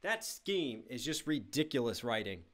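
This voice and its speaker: A young man hosting a live music reaction stream, reading chat aloud, breaking into shouts and explaining rhyme schemes. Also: mid-range voice, very animated, moderate pace, heavy background noise.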